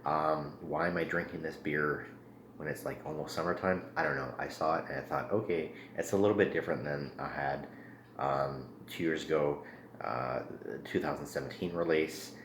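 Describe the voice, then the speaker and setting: Very deep-voiced man reviewing a beer. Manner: relaxed and rambling, many ums and uhs. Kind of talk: casual beer review vlog. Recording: echoey room with faint ambient noise.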